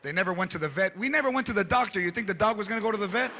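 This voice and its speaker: A man's voice: high voice, lively intonation, rapid-fire. A man doing a stand-up comedy set, telling stories animatedly and switching into Spanish phrases. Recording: live club, crowd laughter and noise.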